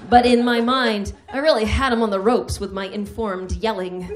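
A woman's voice: medium pitch, fairly even intonation, moderate pace, few pauses. A woman hosting a live comedy night, reading her own humorous essay with a wry delivery that builds to mock outrage.

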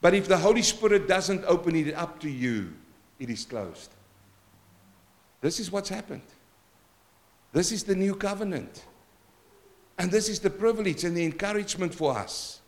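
A man pastor preaching a sermon, animated and questioning his congregation, shifting between loud exclamations and quiet asides. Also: high voice, moderate pace, long pauses.

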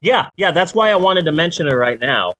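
A podcast host in their forties in casual chat, animated and swearing freely. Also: mid-range voice, brisk, background noise. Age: 40s.

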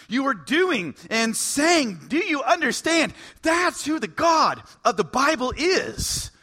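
Animated high-voiced male preacher. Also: slightly rough. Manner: animated, conversational preaching with humor. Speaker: pastor. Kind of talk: sermon.

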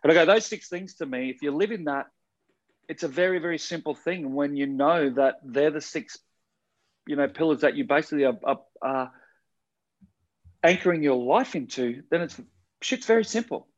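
Aussie bloke chatting on a podcast, earnest, rambly, bit muffled lo-fi sound. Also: male voice, fairly high pitch, moderate pace. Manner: earnest, rambling, swears casually. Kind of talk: casual podcast chat.

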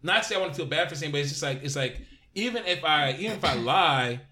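A man with a slightly high, bright voice talks at a rapid clip. He is a podcast co-host in casual chat, storytelling with energy and doubling back on words as he thinks. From Minnesota. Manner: storytelling, animated, repeats words while thinking.

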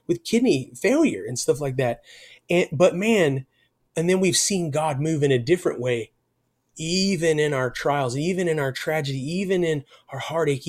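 A middle-aged worship musician telling a personal story in an interview, earnest and emotional, his voice going soft when he speaks of faith. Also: on the high side.

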